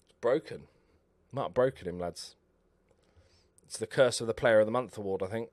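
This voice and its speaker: A man's voice: on the low side, normal speed, a little mellow, no room sound. A man giving casual live commentary over a football management game, chatting away and cheering on his players aloud.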